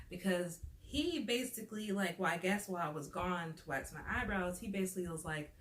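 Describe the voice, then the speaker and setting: With a lowish, somewhat bright voice, a woman vlogger races through a storytime, expressive and brisk with hardly a pause. Chatty and exasperated, she keeps saying "like," and the audio has roomy echo plus faint noise.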